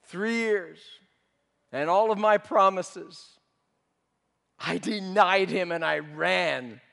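A guilt-stricken disciple Peter, played by a man, recalling his denial in a dramatic first-person monologue. The voice sits high for a man and carries a long reverb, as if from a big hall. He swings from urgent outbursts to hushed, broken confession. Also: slow, vocal fry, exaggerated voice. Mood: grieving. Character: remorseful male disciple Peter, grown man haunted by guilt.

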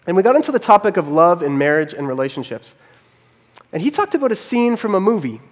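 A man's voice: high voice, very animated, quick pace, big-room sound. A man preaching a sermon as pastor, in a conversational storytelling way with wry asides.

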